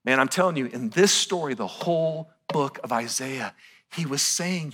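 A male pastor preaching a sermon, animated, swinging from hushed to loud and excited. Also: mid-range voice, moderate pace.

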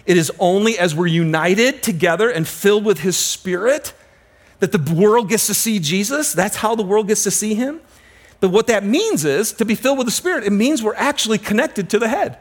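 A man preaching a sermon as a pastor, telling stories with dramatic slowdowns and hushed emphasis. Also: sits high, sing-song.

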